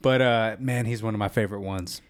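A man's voice: on the low side, fairly even intonation, brisk, clean tone, no room sound. Laid-back swearing man, dry sound. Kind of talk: casual chat.

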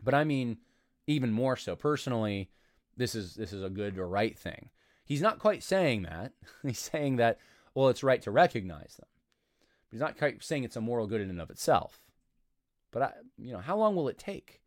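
A man reading aloud from an article and critiquing it in an argumentative, animated way, breaking in with asides and short laughs. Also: medium pitch, normal speed, no echo, clean studio sound. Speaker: commentator.

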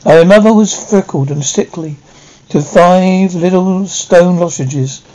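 A man reading a classic novel aloud, halting now and then to restart a word. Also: high voice, mellow, rough recording. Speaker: audiobook reader.

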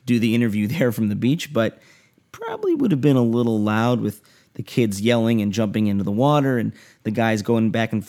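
A man's voice: lowish voice, gravelly, warm tone. A man hosting a podcast, reading a scripted introduction in a heartfelt, lyrical storytelling way with wry, self-mocking asides. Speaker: podcast host.

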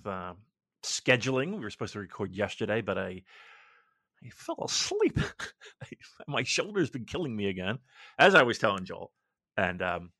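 Sweary podcast cohost guy, bright sharp voice, dry close mic. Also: lowish voice, dry recording. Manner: swears a lot, animated storyteller. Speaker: podcast co-host. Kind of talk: casual podcast chat.

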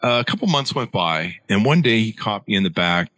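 A man's voice: on the low side, sing-song, moderate pace, bright, forceful tone, dry recording. A middle-aged man, an author guest, telling a long story in an interview with many fillers and restarts.

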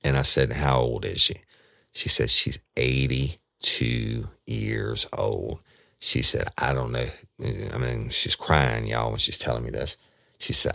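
A man's voice: extremely low pitch, fairly even intonation, takes it slowly, creaky, pushed and bright, no room sound, clean studio sound. A middle-aged man, a former detective, telling a case in a folksy, casual way, often quoting himself and talking straight to his listeners. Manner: folksy, addresses listeners as y'all, quotes himself at length. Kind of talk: casual spoken storytelling.

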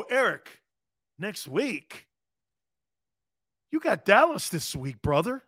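A man's voice: high-pitched, sing-song, takes it slowly, long pauses, fairly bright tone, dry recording, clean studio sound. A man hosting a live sports talk show, answering viewer comments in a brash, profane, combative way. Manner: combative, playfully needling callers and commenters.

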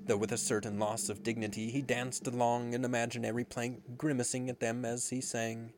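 A man narrating a storybook in a measured, dramatic way. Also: medium pitch, flat delivery. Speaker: audiobook narrator. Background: background music.

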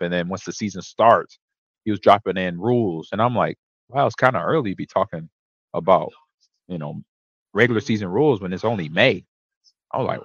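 A man's voice: lowish voice, dry recording, low-quality recording. Laid-back man telling stories. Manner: relaxed, laughs often, acts out quotes. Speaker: show host, former running back. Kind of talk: casual storytelling.

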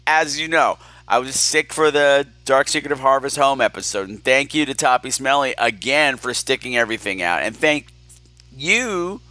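A man's voice: mid-range voice, normal speed, soft background music. A man hosting a podcast in casual chat, telling stories in a campy, sardonic way. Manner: campy, sardonic, animated storytelling. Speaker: podcast host.

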